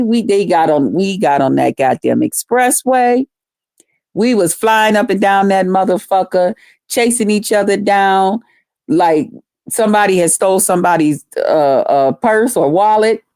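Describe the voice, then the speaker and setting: A woman vlogger telling a story casually to her viewers, animated and profane. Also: mid-range voice, no echo, studio quality.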